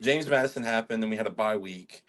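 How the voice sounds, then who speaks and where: A man in his twenties, a college football lineman, telling lively stories with laughs and swearing as a podcast guest. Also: on the low side, fast. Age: 20s. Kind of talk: casual podcast chat.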